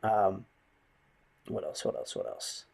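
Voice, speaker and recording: A man's voice: low voice, very animated, slow pace, creaky, darkish tone. A man vlogging a bitter, rambling, profane rant to the camera. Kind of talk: ranting monologue to camera.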